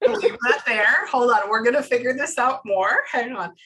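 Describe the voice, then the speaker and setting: A woman working as a psychic medium, chatting with a client in a lively, rambling way and often stopping herself mid-thought. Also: fairly high pitch, normal speed, slight background noise, poor audio. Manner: chatty, animated, stops herself with frequent asides. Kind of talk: casual reading session with a client.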